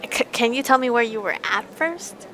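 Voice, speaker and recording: A woman voicing an excitable, gossiping young female schoolgirl who fires off eager questions. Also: fairly high pitch. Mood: excited. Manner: eager, rapid barrage of questions.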